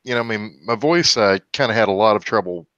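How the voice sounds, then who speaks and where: A man's voice: fairly low pitch, quick pace, a bit bright, dry recording, muffled recording. A man, talking earnestly in casual chat.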